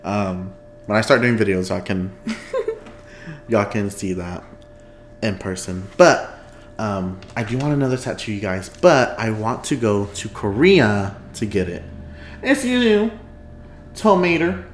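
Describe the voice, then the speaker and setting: A man with a somewhat low voice talks loosely on his podcast, wandering off topic and breaking into laughter. He is recorded at home, and the room's echo hangs around his words. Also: measured pace, slight background noise. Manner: chatty, rambling, laughs often. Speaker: podcast host. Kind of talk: casual chat. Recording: echoey room.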